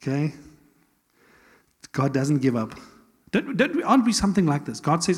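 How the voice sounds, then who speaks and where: A man preaching a sermon as pastor, chatty and animated, with laughing asides and quick rhetorical questions. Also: fairly high pitch, husky. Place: church hall. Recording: long church hall reverb.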